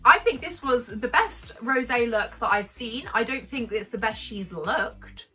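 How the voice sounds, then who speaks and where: Bright-voiced young woman giving blunt opinions. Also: fairly high pitch, animated, unhurried, soft background music. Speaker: podcast host. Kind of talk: casual chat.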